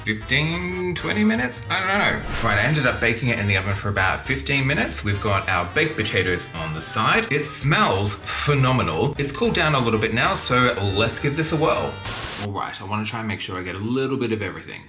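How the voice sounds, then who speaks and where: A man's voice: medium pitch, very animated, a little fast. A man hosting a cooking vlog, chatting casually and joking at himself as he cooks. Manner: chatty and self-deprecating, talks while cooking. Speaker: cooking channel host. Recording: echoey kitchen with background music.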